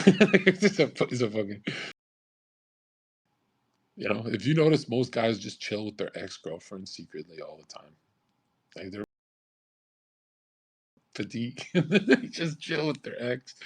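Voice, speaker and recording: A man's voice: fairly low pitch, husky. A young man ranting casually on a livestream, brash and profane, rambling with frequent restarts. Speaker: livestream host.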